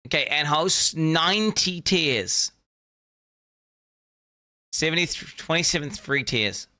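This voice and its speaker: A young man reacts live on his stream, thinking out loud and circling back over the same points. His voice is bright and forceful, and he swears casually as he goes. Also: fairly high pitch, slow. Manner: excitable, thinks aloud, repeats himself, swears casually.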